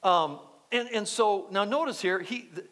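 High-pitched man preaching. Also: moderate pace. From United States. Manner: animated, repetitive preaching with asides to the congregation. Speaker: pastor. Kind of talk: sermon. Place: church.

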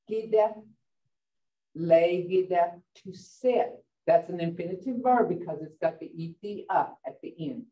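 A woman teaching a language class, saying words slowly and repeating them to stress their sounds and tone. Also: on the low side, mellow. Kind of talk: pronunciation lesson. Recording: dull, roomy, distant from the mic.

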